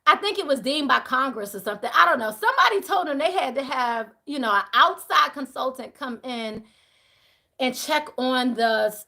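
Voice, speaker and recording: High, bright-voiced woman ranting emphatically. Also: expressive, moderate pace, vocal fry. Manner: emphatic and profane, swinging between loud outbursts and low asides. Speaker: spiritual reader hosting a live stream. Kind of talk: casual storytelling rant.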